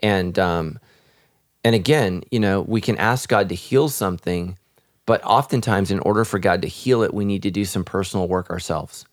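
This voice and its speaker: Deep-voiced pastor talking earnestly. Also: male voice, moderate pace, no echo, clean studio sound. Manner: earnest, reflective. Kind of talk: podcast conversation on faith.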